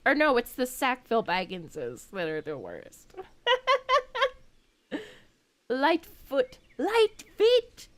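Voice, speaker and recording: A woman streaming a game, chatty and giggly, thinking out loud as she plays. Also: lowish voice, sing-song, slow pace, long pauses. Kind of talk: casual game reaction stream.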